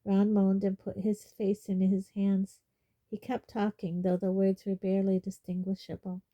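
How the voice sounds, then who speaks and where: A woman reading a storybook aloud in calm, even narration. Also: mid-range voice, moderate pace, muffled recording. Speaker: audiobook reader.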